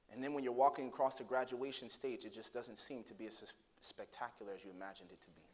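A male pastor tells a story in a low, hushed voice during his sermon, then builds into loud, impassioned preaching full of rhetorical questions for the congregation. He speaks quickly with hardly any pauses and fairly even intonation.

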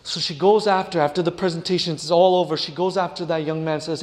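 A male preacher telling a story in a sermon, dramatic, often dropping his voice to a hush for effect. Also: on the high side, steady tone, quick pace, few pauses, long reverb tail. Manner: dramatic, drops to a hush, addresses listeners as "friends".

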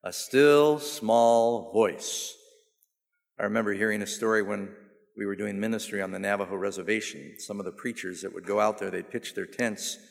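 A man preaching a sermon, telling stories with humor and rising to emphatic, animated delivery. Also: on the low side, quick pace, creaky. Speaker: pastor. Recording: long hall reverb.

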